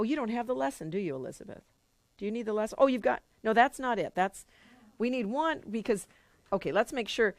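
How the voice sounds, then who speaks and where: A woman's voice: medium pitch, no room sound. A middle-aged woman leading a spiritual study group in an earnest, conversational way, now and then acting out little quoted inner voices. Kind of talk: informal spiritual teaching to a live group.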